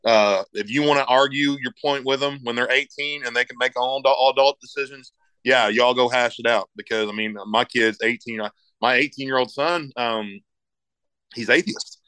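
A man's voice: mid-range voice, moderate pace, bright, forceful tone, clean tone, no room sound, poor audio. A middle-aged man in casual podcast chat, rambling and emphatic, swearing constantly as he talks about raising his kids.

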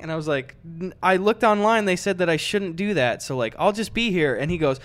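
Young male podcast co-host, lively storyteller, slightly high voice, mimics voices. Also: a little fast, hardly any pauses. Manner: animated, acts out quoted voices with big pitch swings. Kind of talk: casual storytelling chat.

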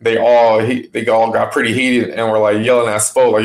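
A man speaking as a guest in a casual podcast interview, relaxed, with many fillers and restarts. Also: lowish voice, normal speed, few pauses. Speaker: basketball player guest.

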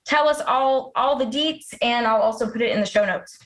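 A woman's voice: a little high, moderate pace, a bit bright, rough recording. Effusive woman podcast host. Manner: enthusiastic, effusive, repeats praise. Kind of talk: casual interview.

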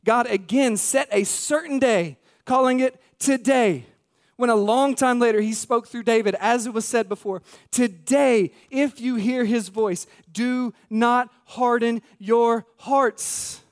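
A man's voice: very high voice, unhurried. A man preaching a sermon as pastor, earnest and emphatic, repeating key words and speaking straight to the congregation. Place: church sanctuary.

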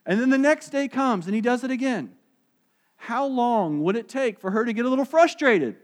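A male pastor preaching a sermon, acting out the voices in his stories and dropping soft and slow on key phrases. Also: very high-pitched. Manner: animated storytelling, acting out quoted voices.

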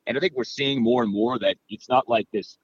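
A man's voice: mid-range voice, brisk, slightly rough, no echo, dull audio. A man on a podcast talking through football strategy in a casual, analytical way, with lots of "you know" and "like". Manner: animated, analytical, many fillers.

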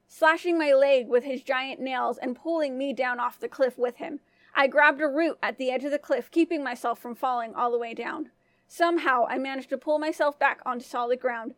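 A woman storyteller giving scripted first-person narration of a folk tale in an even, clear manner. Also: high voice, no room sound.

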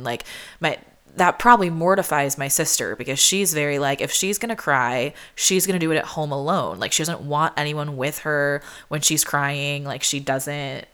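A woman's voice: deep voice, unhurried, a bit bright, smooth. A young woman hosting a podcast, talking casually and chattily with lots of "like", acting out what people said. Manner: chatty, peppered with "like", acts out quotes. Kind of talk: casual chat.

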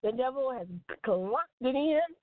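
A woman's voice: high voice, animated, measured pace, no echo. A woman preaching a devotional sermon in an earnest, repeating cadence. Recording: tinny phone-line sound, dry.

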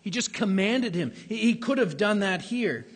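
Guy preaching a sermon, kinda high husky voice, chatty but punchy, big reverby church. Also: expressive, moderate pace. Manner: conversational, emphatic repetitions, some stumbles. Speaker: pastor. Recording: long hall reverb.

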